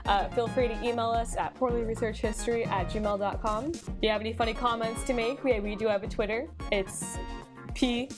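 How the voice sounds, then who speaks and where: A woman's voice: on the high side, fairly even intonation, fairly quick, music in the background. A young woman co-hosting a casual history podcast, giggling and joking as she talks. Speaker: podcast co-host. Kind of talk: casual chat.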